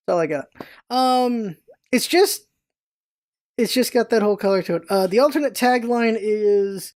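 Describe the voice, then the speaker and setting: A young woman chats through a movie review for her vlog, excitable and rambling. Her voice is mellow and warm, and she keeps breaking into playful impressions of the characters. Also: on the high side. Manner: chatty, excitable, rambling with many restarts; acts out characters' lines in quick impressions.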